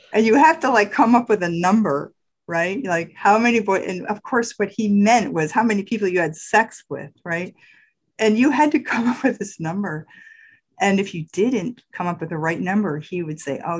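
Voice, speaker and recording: A middle-aged woman with a slightly low voice recounts memories in a relaxed interview. She talks softly and often trails off, then leaps up in pitch when she acts out what someone said. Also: poor audio. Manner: animated, acts out quotes with big pitch jumps. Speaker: guest sharing her spiritual path. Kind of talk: casual storytelling in an interview.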